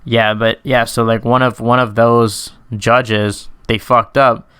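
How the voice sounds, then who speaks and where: Fielding his viewers' MMA questions off the cuff, this YouTube commentator talks in a loose, profane ramble full of fillers like "um" and "like" and frequent self-corrections. His medium-pitched voice is level in tone yet bright, smooth, and clear.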